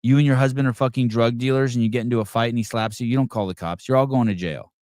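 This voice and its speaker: This fast-talking middle-aged host has a mid-range, darkish voice recorded in clean studio sound with no room tone. He uses his live call-in podcast for blunt, profane rants full of rambling restarts.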